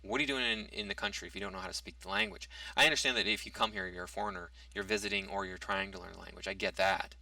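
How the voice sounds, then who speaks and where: Male commentator, low gravelly voice, hesitant restarts, dry recording from a distance. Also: fairly even intonation, rapid-fire, hardly any pauses, bright, forceful tone, dry recording. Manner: argumentative, reads out a topic then rebuts it. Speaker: commentary vlogger. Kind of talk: casual opinion monologue.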